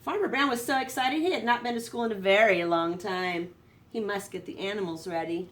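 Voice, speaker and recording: Teacher reading a storybook aloud, distant mic. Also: female voice, mid-range voice, brisk, a little hiss or hum. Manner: expressive read-aloud, voice rising for excitement. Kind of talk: storybook read-aloud to students. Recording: distant from the microphone.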